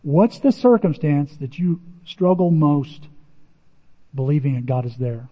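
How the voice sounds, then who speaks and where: A man preaching a sermon in a conversational, animated way, his voice rising for emphasis. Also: fairly high pitch, measured pace. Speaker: pastor. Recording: muffled sound in a reverberant hall.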